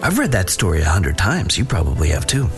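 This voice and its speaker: A man giving a sermon, retelling a Bible story in a relaxed, conversational way with casual slang. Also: low-pitched, brisk, music in the background. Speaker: pastor.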